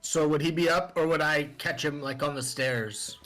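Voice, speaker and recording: Eager bright-voiced man at a tabletop game. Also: on the high side, normal speed, soft background music, rough recording. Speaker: player. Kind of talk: casual tabletop game chat.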